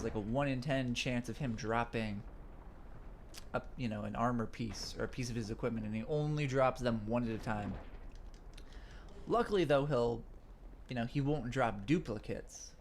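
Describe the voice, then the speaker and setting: Man, stuffed-up nose, casual game commentary, rambling, faint background noise. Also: medium pitch. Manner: rambling, full of fillers and asides. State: a little stuffed up. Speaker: gaming channel host.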